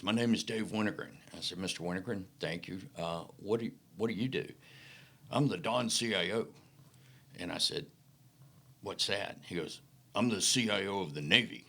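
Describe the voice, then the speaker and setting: Low-voiced man telling folksy stories. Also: gravelly. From Mississippi Delta, American South. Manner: folksy, animated anecdotes with acted-out quotes. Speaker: podcast guest. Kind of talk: casual storytelling interview.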